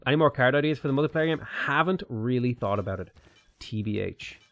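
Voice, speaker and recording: A man commentating his own strategy gameplay live, chatting and answering viewer questions with sudden bursts of excitement. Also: medium pitch, fairly quick, no room sound, muffled recording. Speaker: game streamer.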